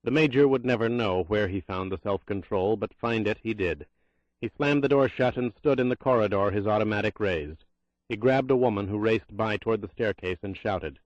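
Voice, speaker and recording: A man reads a thriller audiobook with a tense, measured delivery. His voice is on the low side, recorded dry with a slightly dull, muffled top end. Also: dry recording. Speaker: audiobook narrator. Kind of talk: scripted thriller narration.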